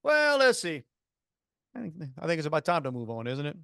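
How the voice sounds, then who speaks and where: A man co-hosts a podcast in loose, joking chat, doubling back on himself mid-sentence. His voice sits high and comes across smooth and clear. The sound is dry and close to the mic. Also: rapid-fire, no echo. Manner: rambling, self-interrupting, jokey. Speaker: podcast co-host. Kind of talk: casual chat.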